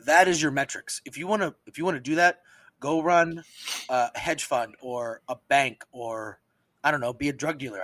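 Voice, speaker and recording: A man's voice: medium pitch, sharp tone, no room sound. A man co-hosting a podcast in casual chat, swearing freely and telling stories with quoted voices. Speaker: podcast co-host.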